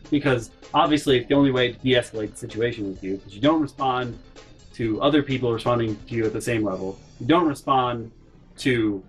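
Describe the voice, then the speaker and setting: A man's voice: medium pitch, fairly quick, soft background music. A young man telling a personal story in a casual vlog, exasperated and profane.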